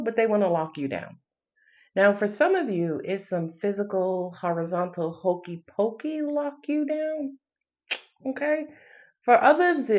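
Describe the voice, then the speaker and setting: A woman with a New York accent reads tarot in a loose, sassy way, joking and swearing as she talks. The recording sounds a little dull and lo-fi. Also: mid-range voice. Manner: sassy, playful, swearing, laughs often. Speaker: tarot reader. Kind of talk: casual tarot reading.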